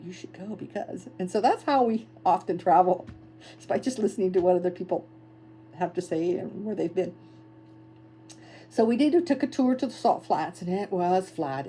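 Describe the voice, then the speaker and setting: Woman in middle age, casual travel storytelling, lively delivery, mellow dark voice, faint background hum. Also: mid-range voice, poor audio. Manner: animated, laughs often, acts out quoted voices. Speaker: travel vlogger.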